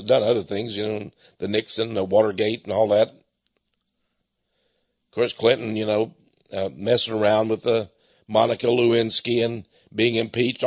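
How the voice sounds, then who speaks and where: An older man with an East Texas drawl gives a folksy, rambling sermon-style talk, repeating words and chuckling. His husky voice swings widely in pitch between phrases, and the recording is dry, a bit dull and lo-fi, without echo.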